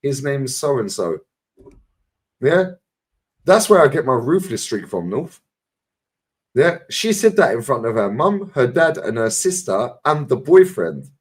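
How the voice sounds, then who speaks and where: A man with a London accent talks in a casual podcast chat, his voice sitting at an ordinary middle pitch. He rants and tells stories bluntly, swearing freely. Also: very animated, unhurried, breathy edge. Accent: London English. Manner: blunt, swearing, storytelling with acted quotes.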